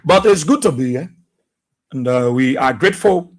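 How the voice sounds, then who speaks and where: A radio host speaks in at a medium pitch for a man. He works through a long list of listener names and places in a steady, repeating rhythm. Each name is followed by the same welcome. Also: moderate pace. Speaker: radio talk show host. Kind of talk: live radio call-in greetings.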